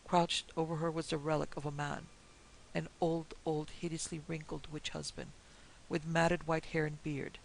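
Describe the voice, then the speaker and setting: A gravelly woman reads a classic horror tale in a steady, measured way. Her voice sits fairly low for a woman and moves in a narrow, even band. A faint hiss runs under the recording. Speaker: narrator. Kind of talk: horror audiobook narration.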